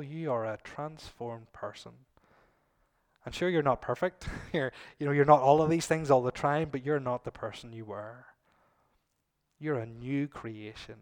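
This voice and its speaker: Man, middle-aged, preacher, sermon, animated, loud emphatic lines and soft asides. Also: medium pitch.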